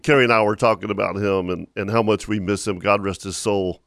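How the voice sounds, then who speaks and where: A man's voice: fairly low pitch, steady tone, a little fast, gravelly, a bit bright, dry recording. A man hosting a fishing podcast who tells stories in a rambling, repetitive way and laughs through them. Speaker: podcast host. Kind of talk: casual storytelling chat.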